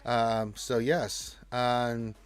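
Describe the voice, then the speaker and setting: A man's voice: medium pitch, flat delivery, drawn-out words, smooth. An American man hosting a gaming live stream, chatting casually, joking, and reading viewer names aloud. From United States. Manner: joking, reads out chat names with playful put-on voices.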